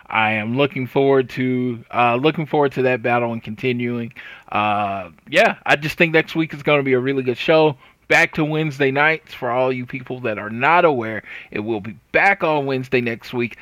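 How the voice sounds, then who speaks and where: Brief: man, podcast co-host, bright, dry close mic, excitable and quick to laugh. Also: mid-range voice, dry recording. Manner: excited, laughing, talks over himself with restarts. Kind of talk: casual podcast chat. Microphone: remote call mic.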